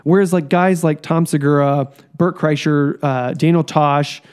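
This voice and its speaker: A man co-hosting a casual podcast chat, ranting in a profane, animated way. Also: on the high side, a little slow, smooth. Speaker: podcast co-host.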